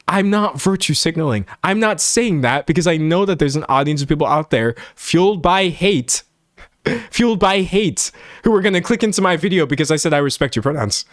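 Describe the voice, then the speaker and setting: A man's voice: on the high side, animated, brisk, no echo, clean studio sound. A man streaming live, chatting casually and reading chat, exasperated and full of restarts, still a little sick. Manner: exasperated, restless, with many restarts and laughs.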